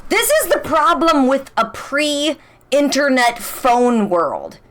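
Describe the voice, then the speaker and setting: A young woman chatting casually as she recaps a TV episode. She is excitable, full of "like" and rhetorical questions. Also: high voice, takes it slowly, slight background noise. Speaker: reaction channel host.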